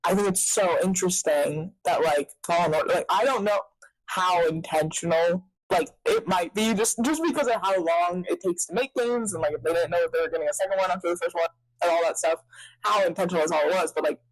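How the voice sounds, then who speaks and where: A woman hosting a podcast, chatting casually in a rambling, excitable way full of fillers. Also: lowish voice, fairly quick, dry recording, low-quality recording. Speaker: podcast host. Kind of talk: casual chat.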